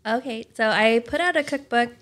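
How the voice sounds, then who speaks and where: A woman's voice: on the high side, normal speed, a bit bright. Modest, hesitant woman on a podcast. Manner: modest, hesitant, many fillers. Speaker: podcast co-host. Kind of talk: casual podcast chat.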